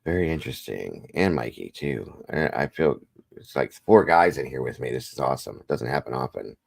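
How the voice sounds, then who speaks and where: A man's voice: rumbling low, a little fast, gravelly. A man hosting a casual livestream, chatty and rambling, greeting and thanking viewers by name. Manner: relaxed, rambling, reads chat aloud. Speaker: livestream host.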